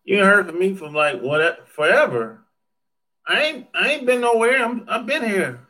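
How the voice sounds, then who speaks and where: A man's voice: high voice, lively intonation, moderate pace, bright, forceful tone. A man chatting casually on a livestream, joking, swearing freely and laughing often as he answers viewer comments. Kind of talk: casual chat.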